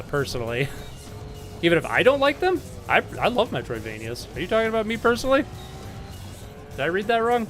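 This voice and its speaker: A young man streaming retro games, chatting in a rambling, animated way with lots of filler words and frequent laughs. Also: medium pitch. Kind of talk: casual live-stream chat while playing. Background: faint game music.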